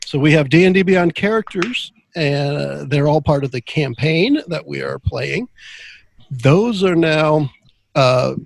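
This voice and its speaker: A man's voice: fairly high pitch, animated, a little slow, creaky. A man hosting a tabletop game podcast as game master, chatting casually and rambling with frequent laughs.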